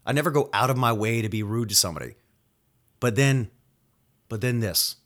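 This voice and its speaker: A man's voice: medium pitch, a bit bright. Profane, fired-up male nurse podcaster. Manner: angry, profane, rapid-fire venting. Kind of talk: solo podcast rant.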